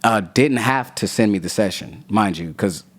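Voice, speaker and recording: Male rapper guest, deep-ish voice, rambling profane storyteller. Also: normal speed. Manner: profane, animated storyteller acting out quotes. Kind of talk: casual storytelling interview.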